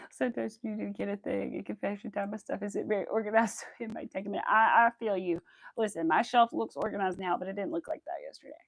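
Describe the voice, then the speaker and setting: A woman's voice: medium pitch, fairly even intonation, fast talker, gravelly, dry recording. A young adult woman hosting a crochet livestream, chatting casually and rambling with lots of filler words. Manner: laughs often and greets viewers. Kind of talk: casual chat while crafting.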